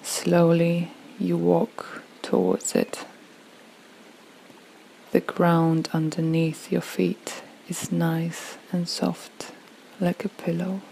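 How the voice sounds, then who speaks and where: A woman guides a relaxation visualization in a slow, soothing voice with long pauses. Her tone is mellow and gravelly. A faint ambient hum sits behind her. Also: lowish voice, rough recording. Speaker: yoga and meditation guide.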